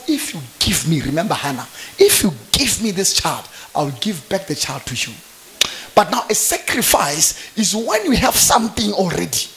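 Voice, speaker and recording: A male pastor preaches at a church conference, his voice sitting unusually high for a man. He swings widely in pitch, calling out questions for the crowd to answer. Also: a bit bright, a little hiss or hum. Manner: fervent preaching with call-and-response questions. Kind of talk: sermon.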